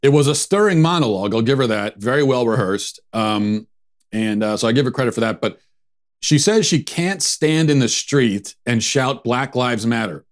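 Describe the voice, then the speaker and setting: A man's voice: medium pitch, animated, moderate pace. Guy hosting a commentary show, sarcastic and mocking, ordinary mid voice. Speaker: host. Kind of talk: political commentary.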